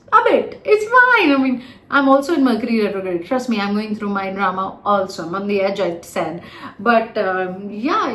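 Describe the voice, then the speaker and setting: Lady doing a chatty zodiac reading, laughs a lot, a bit high, roomy echo. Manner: chatty, laughs often, talks straight to the viewer. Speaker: tarot reader. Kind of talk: casual zodiac forecast.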